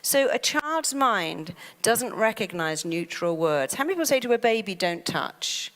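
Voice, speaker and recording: A woman speaks animatedly in a motivational talk, slipping into panicky inner voices. Her voice sits at a middle pitch. A long reverb from a large hall trails each phrase. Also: big pitch swings, normal speed, fairly bright tone. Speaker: therapist giving a talk.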